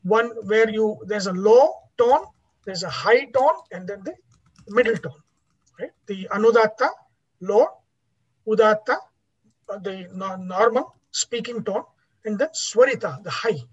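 A man's voice: high-pitched, measured pace, slightly rough. A man teaching a class in an explanatory lecture style, often restarting his words and checking in with "right?". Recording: dull lo-fi recording.

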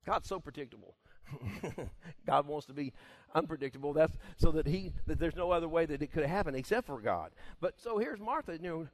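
A man preaching a sermon in a conversational, animated way, acting out scenes and chuckling along. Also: fairly high pitch, fairly quick.

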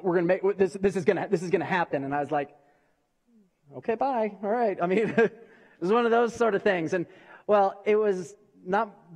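A middle-aged male pastor preaching in a conversational way, halting, with frequent restarts and repeated words. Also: high-pitched, big-room sound. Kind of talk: conversational sermon. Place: church hall.

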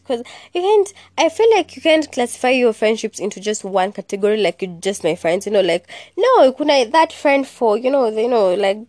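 A young woman chats away on her podcast, giggly and rambling, with lots of fillers. Her voice sits at an ordinary pitch. It is recorded close and dry with no room sound. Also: a little mellow, no echo. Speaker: podcast host. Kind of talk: casual solo chat.

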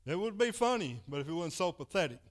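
A man's voice: a little high, sing-song, fast. Folksy preacher man. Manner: folksy, repeats "he said" while retelling a story. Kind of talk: sermon with storytelling.

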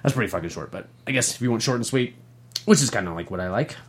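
A man's voice: lowish voice, fast talker, a little hiss or hum. Laughing, swearing man in gaming chat. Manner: profane, laughing, animated storytelling. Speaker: podcast co-host.

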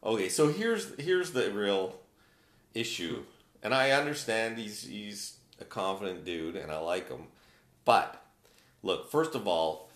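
A man's voice: fairly low pitch, animated, measured pace, a bit bright. A man co-hosting a casual sports chat, arguing his points emphatically. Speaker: sports talk co-host. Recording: roomy echo.

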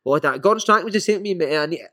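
Scottish ex-footballer, quick and slightly high voice, animated storyteller. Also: male voice. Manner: animated anecdotes, swearing, laughing. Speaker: former footballer guest. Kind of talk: casual storytelling chat.

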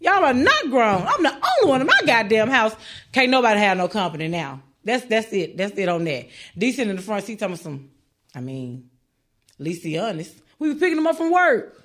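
A middle-aged woman co-hosting a casual chat, telling animated, profane family stories and laughing through them. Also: medium pitch, fairly quick. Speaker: podcast co-host.

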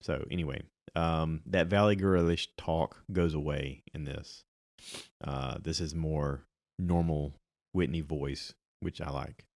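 Low-voiced man rambling casually. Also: steady tone, slow pace, a little mellow, dry recording, studio quality. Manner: rambling, with many ums and restarts. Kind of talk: casual solo chat about movies and podcasts.

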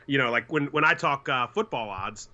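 Male podcast co-host, lively storyteller, bright tone, muffled lo-fi audio. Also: medium pitch, normal speed. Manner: animated storyteller, acts out quoted voices. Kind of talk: casual sports podcast chat.

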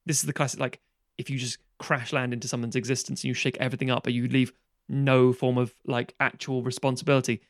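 A man chatting casually on a podcast, retelling a film plot in a lively, sweary way and acting out the characters' lines. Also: medium pitch, fast talker, no echo, clean studio sound.

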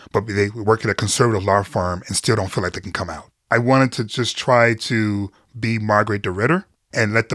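A man's voice: lowish voice, a bit bright, no room sound, clean studio sound. A middle-aged man speaking as a podcast guest, telling personal stories candidly and earnestly, laughing easily and swearing casually. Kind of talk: candid conversational storytelling.

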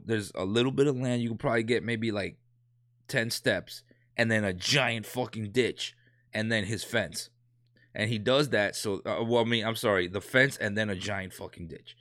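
A man's voice: fairly low pitch, fairly bright tone, no room sound, studio quality. A man in his thirties telling a casual anecdote, rambling and profane, with many restarts. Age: 30s. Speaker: storyteller.

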